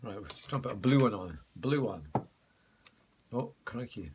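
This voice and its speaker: A man's voice: on the low side, animated, normal speed, a little mellow. A man chatting casually to his viewers in a rambling vlog, calling them folks. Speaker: vlogger. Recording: background noise.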